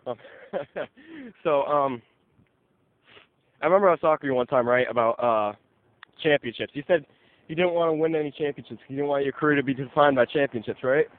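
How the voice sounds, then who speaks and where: A man interviewing a friend in a casual chat, prompting questions and often trailing off quietly. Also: fairly high pitch, brisk, no echo. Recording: phone-like audio, speaker off mic.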